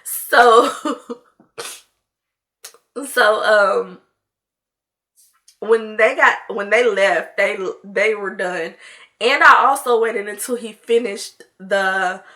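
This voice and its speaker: A woman's voice: mid-range voice, extremely slow, long pauses, pushed and bright. A woman vlogger telling a story in casual chat, with laughing asides to her viewers.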